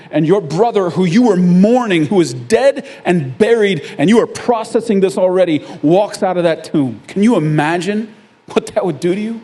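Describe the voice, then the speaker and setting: A man preaching a sermon in a conversational, storytelling way, often checking in with the congregation and chuckling along the way. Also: high voice. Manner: conversational storytelling, frequent "right?" asides; animated, chuckling at his own lines. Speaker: pastor.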